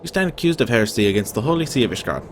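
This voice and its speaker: A man plays a stern, judgmental inquisitor from a fantasy game, speaking gravely and formally. The voice stays stately while the pitch moves expressively. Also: very animated, racing, slight background noise. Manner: grave, stately, mock-Shakespearean.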